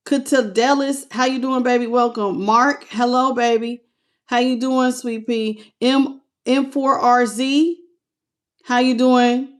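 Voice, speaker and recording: A woman reading tarot cards live, talking to her viewers and greeting them by name, with emotion and a casual way of speaking. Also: sits high. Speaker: tarot reader.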